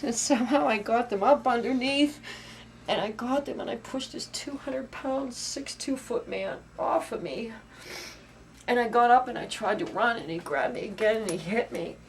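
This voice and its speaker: Woman interviewee, raw first-person testimony, halting repeats, swings loud to whispered. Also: medium pitch, a little hiss or hum. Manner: halting, repeats phrases, grows intense and loud, drops to whispers.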